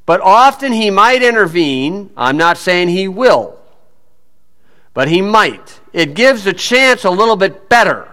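A man's voice: sits high, big pitch swings, unhurried, bright, forceful tone. A man preaching a sermon in a folksy, plain-spoken way, often putting rhetorical questions to his listeners.

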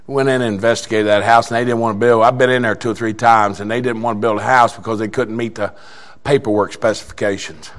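A man preaching a sermon, telling a story in a folksy way that swings between quiet talk and shouted exhortation. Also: on the low side, steady tone, fast.

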